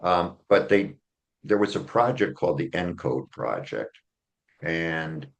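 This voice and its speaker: A man's voice: low voice, big pitch swings, takes it slowly, gravelly. A man, an author and attorney, being interviewed, explaining his argument step by step and checking in with "okay?". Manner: earnest, builds a case step by step with "okay?" check-ins.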